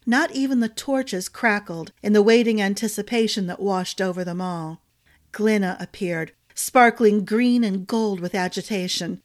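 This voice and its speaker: Woman storyteller, measured fantasy-audiobook narration, mid-pitched voice.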